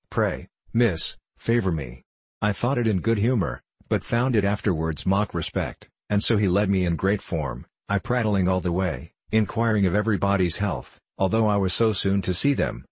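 A man narrating a period novel in a measured, formal reading. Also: fairly low pitch, slightly rough, no room sound. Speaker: audiobook reader.

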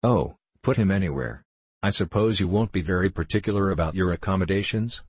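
A man reading the part of a coarse, blustering country poorhouse keeper in rough dialect. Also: low voice, brisk, darkish tone, slight background noise, natural voice. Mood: mocking. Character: gruff rustic middle-aged male poorhouse keeper.

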